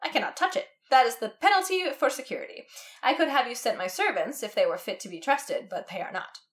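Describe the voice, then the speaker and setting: A woman's voice: a little high, expressive, a little fast, fairly bright tone. A woman reading aloud the lines of a scheming male wizard, speaking formally and politely. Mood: suave. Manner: formal, polished speech.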